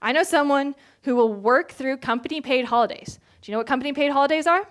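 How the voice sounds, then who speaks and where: A woman giving a conversational sermon in a casual, chatty way. She acts out quoted lines in brighter voices. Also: high voice, quick pace. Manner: casual, chatty, with many filler words. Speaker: church speaker.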